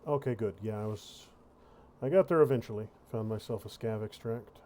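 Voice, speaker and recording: A man's voice: lowish voice, moderate pace, a little mellow, a little hiss or hum. Wry man muttering through gameplay. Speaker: gaming video host. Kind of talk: casual gameplay commentary.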